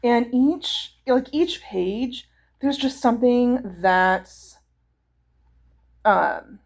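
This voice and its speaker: A woman's voice: a little high, extremely slow, creaky. A young adult woman chatting enthusiastically about books she read, with lots of fillers. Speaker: book vlogger. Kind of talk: casual book review chat.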